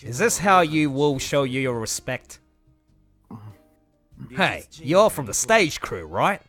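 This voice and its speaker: A man's voice: mid-range voice, sing-song, takes it slowly, fairly bright tone, soft background music. A man voicing a haughty young male deer, a star actor, speaking in a commanding, imperious way for an anime fan dub.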